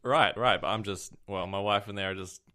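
A man with a lowish, bright, forceful voice co-hosts a casual tech podcast at a fairly quick pace. He tells stories in a rambling way, correcting himself as he goes.

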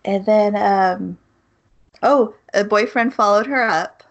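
Woman podcast co-host, mid pitch, chatty, story-retelling recap. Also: takes it slowly, muffled recording. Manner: chatty storyteller, laughs often, retells scenes with quoted voices. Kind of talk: casual chat recapping a show.

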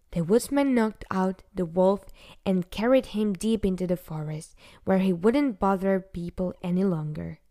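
A woman narrating a fairy tale in a gentle, unhurried storybook manner, sometimes dropping to a whisper. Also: mid-range voice.

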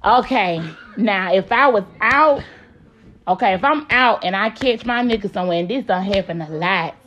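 A woman's voice: medium pitch, moderate pace, fairly bright tone, dull audio. A woman hosting a casual advice chat, talking brash and profane with lots of laughter. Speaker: host.

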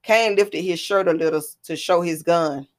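A woman narrating a scripted drama story in a plain, even reading. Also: fairly low pitch, moderate pace.

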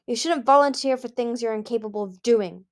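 A woman's voice: medium pitch, fairly quick, close to an everyday voice. A woman reading the lines of a grieving, furious male sea dragon king, harsh and roaring.

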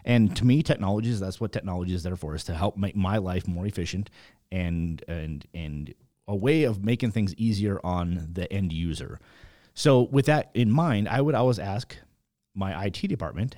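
A man's voice: lowish voice, expressive, moderate pace, warm tone. A man co-hosting a podcast in casual chat, teasing his co-host with joking banter.

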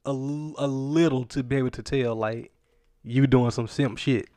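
A young man in casual chat, measured and hedging, with lots of "like" fillers. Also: mid-range voice, steady tone, dark tone, no room sound. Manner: measured, hedges with frequent "like".

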